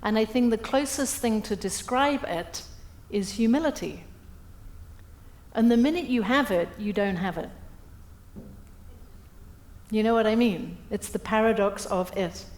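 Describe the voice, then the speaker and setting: Speaking a little slowly with long pauses, this middle-aged keynote speaker has a mid-range voice and pokes fun at herself through humorous stories at a breakfast event. Her delivery is lively, she performs the quoted lines, and the hall sounds echoey.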